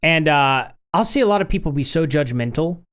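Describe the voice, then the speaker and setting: A man and father in casual podcast chat, laughing often and talking in a relaxed, conversational way. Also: fairly high pitch, a little fast, smooth. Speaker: podcast co-host.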